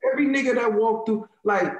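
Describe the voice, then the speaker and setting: A man's voice: very high-pitched, fast talker, reverberant, low-quality recording. A man in his thirties with an African American Vernacular English accent, ranting in casual talk; heated, profane and emphatic, repeating lines to drive his point home. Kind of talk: casual opinionated rant.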